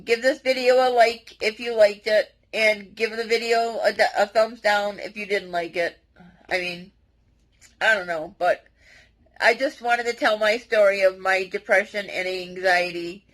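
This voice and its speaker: A woman speaking directly to her viewers in a personal confessional vlog, earnest and halting, often restarting her sentences. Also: medium pitch, a bit bright, low-quality recording. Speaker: vlogger.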